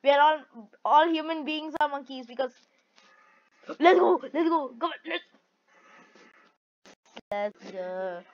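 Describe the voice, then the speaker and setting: A woman's voice: high-pitched, slow, long pauses, lo-fi sound. A young woman chatting casually while playing an online game, trading playful trash talk with a friend and laughing often. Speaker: gaming video creator. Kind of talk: casual gameplay commentary.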